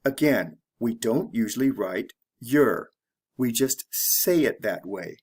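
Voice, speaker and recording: Slow, measured man teaching pronunciation. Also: mid-range voice, expressive, darkish tone, husky. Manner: measured, deliberate, careful pronunciation drills. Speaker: English teacher. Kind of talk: slow scripted lesson narration.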